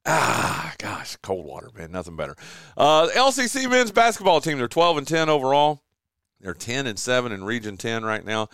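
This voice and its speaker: A man's voice: mid-range voice, big pitch swings, normal speed, a bit bright, clean tone, no room sound, studio quality. A man hosting a local sports radio show, chatting casually and rambling through sponsor reads with lots of fillers. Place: radio studio. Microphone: close studio mic.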